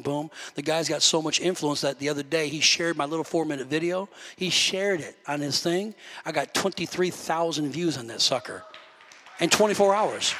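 A pastor preaches a sermon to his church, beginning with storytelling that builds into loud, fervent preaching. His voice is high, bright, and sharp. A long sanctuary reverb hangs on the sound.

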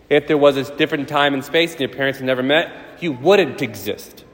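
Priest preaching in a reverberant church. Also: male voice, medium pitch, fairly quick, hardly any pauses. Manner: conversational, storytelling with playful voiced asides. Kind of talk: sermon.

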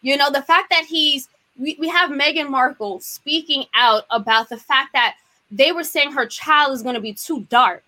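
A woman with a high, bright voice giving her view on a panel. She talks with energy and emphasis and sounds frustrated. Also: normal speed. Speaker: panel guest. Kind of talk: casual panel discussion.

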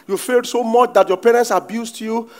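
A middle-aged man with a Nigerian accent, preaching a sermon as a pastor with animated delivery and bursts of shouting. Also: very high voice, brisk.

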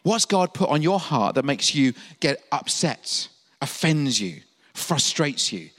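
A man's voice: a little high, very animated, a little slow, a bit bright, long reverb tail. A man from England preaching a sermon as pastor, asking his listeners questions and acting out the quotes he tells.

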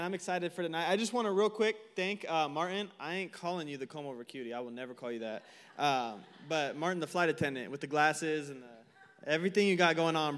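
A man's voice: a little high, a bit bright. A man in his twenties giving a casual youth sermon on a stage mic, chatty and joking, full of fillers and questions to the crowd. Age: 20s. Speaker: youth pastor. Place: church hall, speaking to a live group. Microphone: handheld or stage mic. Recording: long hall reverb.

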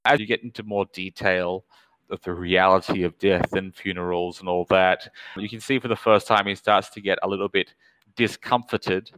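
Male game master, low and smooth, dry close sound, measured narration. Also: steady tone, fairly bright tone, no room sound, poor audio. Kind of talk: narrating a tabletop horror game.

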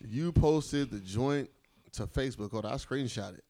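A man's voice: mid-range voice, moderate pace, warm tone. A man hosting a podcast, talking in a loose, upbeat way with profane banter. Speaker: podcast host. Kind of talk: casual podcast chat.

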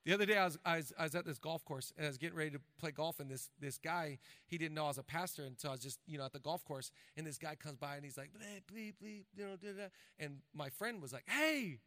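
High, bright-voiced man preaching. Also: quick pace, hardly any pauses, dry recording, studio quality. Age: 40s. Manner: energetic, preachy, swings from loud to hushed. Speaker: pastor. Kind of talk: sermon.

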